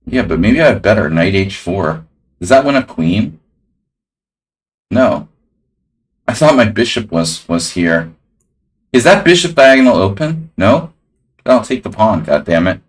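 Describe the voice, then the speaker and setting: A man's voice: lowish voice, big pitch swings, a little slow, long pauses. A man casually commenting on his own chess game on a live stream, rambling and talking to his chat.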